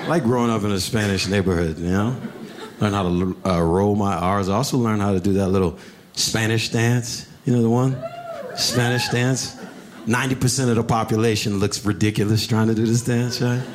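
A man doing stand-up comedy in a club, telling animated stories and acting out characters in shrill voices. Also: a little fast, background noise.

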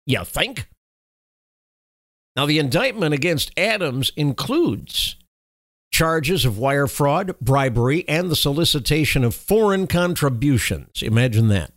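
A man's voice: a little high, animated, a little slow, fairly bright tone, no echo. Sarcastic man giving political commentary. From Texas. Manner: sarcastic asides, wry and folksy. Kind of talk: opinionated news commentary.

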